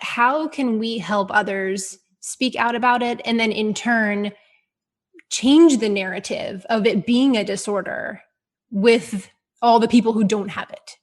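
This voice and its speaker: Supportive woman podcast host. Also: fairly high pitch. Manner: supportive, encouraging interviewer. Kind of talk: casual interview chat.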